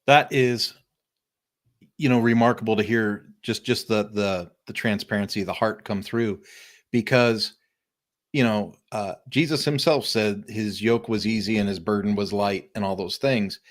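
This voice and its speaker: A middle-aged man hosting a casual live-streamed interview, telling lively stories and acting out friendly greetings. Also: fairly low pitch, measured pace. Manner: animated storyteller, acts out friendly greetings. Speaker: podcast host. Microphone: remote live-stream call.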